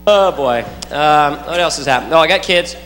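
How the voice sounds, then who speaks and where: A man's voice: fairly high pitch, brisk, in a large hall, slight background noise. A man doing stand-up, chatting loosely and rambling with the audience. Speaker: stand-up comedian. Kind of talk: stand-up crowd work. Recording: live club mic over a loud laughing crowd. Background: loud crowd and clicks.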